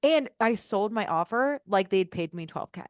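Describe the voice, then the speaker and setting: Upbeat woman, business coach, mid pitch, dry close sound. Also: moderate pace, smooth, dry recording. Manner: upbeat, bubbly, animated. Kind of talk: casual group coaching call.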